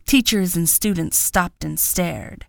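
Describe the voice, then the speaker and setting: Low-voiced woman narrating an audiobook. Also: slow pace, gravelly, a bit bright, no room sound, clean studio sound. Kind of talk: first-person audiobook narration.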